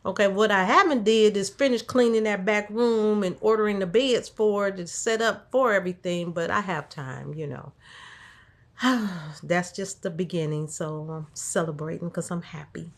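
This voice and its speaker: Speaking at normal speed in a mid-range voice, a caregiver shares a relaxed story from her workday. She switches between her own words and a patient's, and her talk is encouraging and infused with faith.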